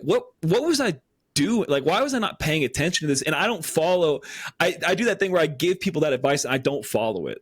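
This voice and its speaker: A man's voice: a little high, a bit bright, no room sound, clean studio sound. A man co-hosting a casual podcast chat, talking earnestly and rambling with many fillers, getting choked up. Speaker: podcast co-host.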